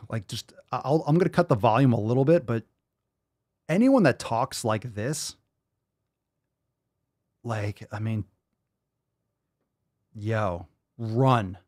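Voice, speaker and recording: An exasperated male podcast host in his thirties rants casually, cursing freely and circling back over his points. His voice sits at an ordinary middle pitch, and the recording is dry and close. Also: expressive, takes it slowly, pauses often, a little mellow, dry recording. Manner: profane, exasperated, repetitive. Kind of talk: casual ranting commentary.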